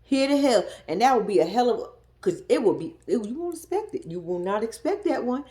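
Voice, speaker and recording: A woman giving a casual, blunt and profane recap of a reality show, talking in an animated storytelling way. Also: fairly high pitch, brisk.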